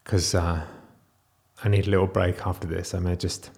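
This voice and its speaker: A man speaking in a raw, confessional video diary, close to tears, halting and restarting as he talks. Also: deep voice, flat delivery, vocal fry, darkish tone. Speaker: vlogger.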